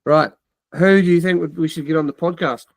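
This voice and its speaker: A man's voice: a little high, steady tone, brisk, gravelly, no room sound. A man hosting a podcast, bantering cheekily and joking around. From New Zealand. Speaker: podcast host. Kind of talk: casual chat.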